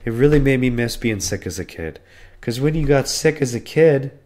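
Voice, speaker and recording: A man in his twenties hosting a solo podcast, hoarse from being sick, telling a rambling, profane story. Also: expressive, normal speed, a little mellow. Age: 20s. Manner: voice cracks and breaks on high notes. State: hoarse, losing his voice from illness. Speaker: podcast host. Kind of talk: casual solo podcast monologue.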